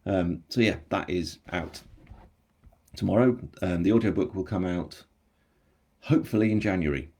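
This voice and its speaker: A man's voice: sits low, moderate pace, pauses often, warm tone, breathy edge. An English man with a general English accent, an author chatting casually on a live stream, rambling and self-deprecating as he answers viewer comments. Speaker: author hosting his book launch.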